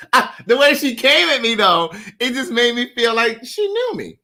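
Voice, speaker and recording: A man's voice: very high voice, very animated, measured pace, sharp tone. A man hosting a livestream, telling a story casually and animatedly while addressing viewers by name. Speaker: livestream host.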